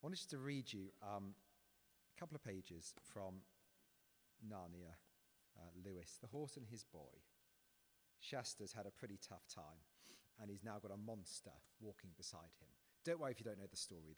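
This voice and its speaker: A man preaching a sermon and reading a story aloud, earnest and quietening toward prayer. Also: on the low side, animated, moderate pace. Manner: earnest, quietening to a hushed close. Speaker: pastor. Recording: long reverberant hall.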